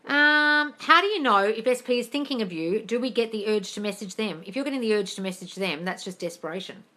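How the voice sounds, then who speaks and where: A woman's voice: fairly high pitch, fairly quick, bright, forceful tone. A woman hosting a casual live-stream Q&A, reading viewer questions and answering them bluntly with plenty of swearing.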